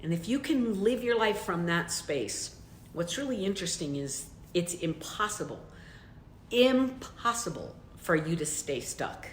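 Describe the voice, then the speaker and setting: A woman coach delivers a motivational training with a very lively, up-and-down pitch, pressing her points with repeated direct questions. Her voice rings out in a roomy, echoey space. A faint rumble sits underneath. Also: unhurried. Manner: emphatic, addresses listeners directly with repeated questions. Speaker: business coach.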